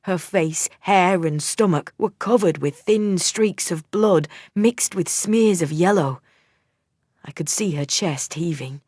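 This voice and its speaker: Low-voiced woman narrating an audiobook. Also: takes it slowly, a little mellow, no room sound, clean studio sound. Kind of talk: first-person audiobook narration.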